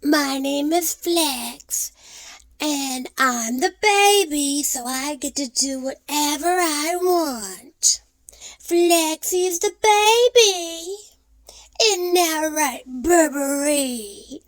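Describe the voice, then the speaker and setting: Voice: sits high, very slow, fairly bright tone, no echo, studio quality, exaggerated voice. A performer voicing the spoiled baby cat of the family, who teases her sibling in a smug way. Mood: teasing. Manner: teasing, smug.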